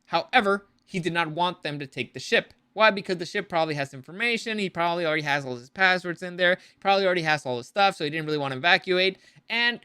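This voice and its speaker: Bright, dry-mic male reviewer, casual and rambling, profane. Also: high-pitched, quick pace, few pauses, clear, resonant tone, dry recording. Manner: rambling, profane, animated with frequent restarts. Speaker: show reviewer. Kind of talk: casual commentary.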